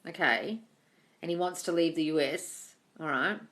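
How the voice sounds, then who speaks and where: Blunt, sweary woman with a bright voice. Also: deep voice, normal speed. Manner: blunt, sweary, calls viewers darling. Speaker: manifestation coach answering live chat questions. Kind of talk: live-stream Q&A, reading comments aloud.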